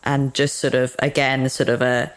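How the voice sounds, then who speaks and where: A woman playing a tabletop game, gently describing her character's gestures and words. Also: extremely low pitch, flat delivery, moderate pace. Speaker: player.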